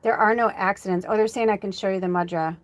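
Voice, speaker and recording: A woman working as a spiritual medium, talking in a chatty, animated way on a live-stream reading and calmly coaching listeners with encouraging affirmations. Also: medium pitch, fast. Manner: chatty, animated, sprinkles in "like" and "you know".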